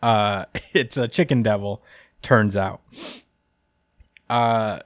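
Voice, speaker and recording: A man's voice: on the low side, slow, no echo, clean studio sound. A man hosting a podcast, recapping a chapter in a casual, rambling way with frequent laughs. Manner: rambling, lots of ums and laughs. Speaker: podcast host.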